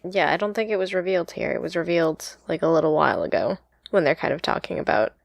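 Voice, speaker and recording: A woman co-hosting a podcast, chatting casually about a book, quick to laugh and often stopping to correct herself. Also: fairly low pitch, vocal fry, dry recording, studio quality. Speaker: podcast co-host. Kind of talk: casual book-discussion chat.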